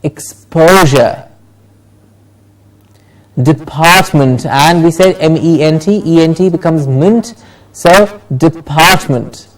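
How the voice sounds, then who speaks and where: A male pronunciation teacher leading a class, modelling words slowly and carefully so students can repeat them. His voice sits a little high and his pace is unhurried and drawn out. He is picked up from a distance, away from the microphone. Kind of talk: classroom lesson. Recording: voice from far off the mic.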